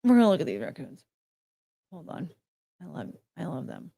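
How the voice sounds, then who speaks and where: A woman's voice: sits low, sing-song, normal speed, gravelly, mellow. A woman hosting a casual livestream, chatty and self-mocking as she answers her chat. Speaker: livestream host.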